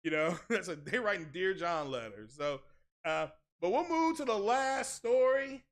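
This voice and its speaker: A man's voice: high voice, big pitch swings, unhurried. Sarcastic man ranting in mock outrage. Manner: crude, blunt street talk. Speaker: tech channel host. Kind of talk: casual streamed rant.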